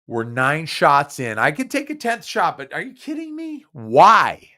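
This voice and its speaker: A man's voice: on the high side, wildly swooping pitch, a little slow, bright, forceful tone. A drunk man hosting a podcast, slurring his speech, rambling and stumbling over repeated words. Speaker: podcast host. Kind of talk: casual live podcast talk.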